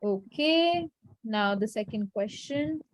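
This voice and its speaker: A woman with a fairly high voice teaches a live online language class. She drills each word slowly and patiently, then explains points at a brisk clip. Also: expressive, a little hiss or hum, rough recording. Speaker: French teacher.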